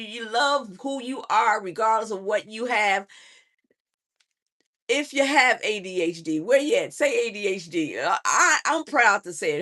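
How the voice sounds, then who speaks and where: A middle-aged woman, a transformational coach, giving a lively motivational live stream, preaching and calling viewers honey and baby. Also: medium pitch. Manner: preachy, warm endearments to viewers; chatty, laughs often.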